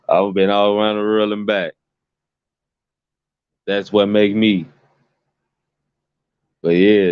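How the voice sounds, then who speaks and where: A man rants to his channel in a low, dull-toned voice, swearing constantly and circling back to the same points with emphatic repetition. The lo-fi recording is flat and dry, with no room sound. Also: no room sound. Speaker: commentary vlogger. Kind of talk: profane rambling commentary.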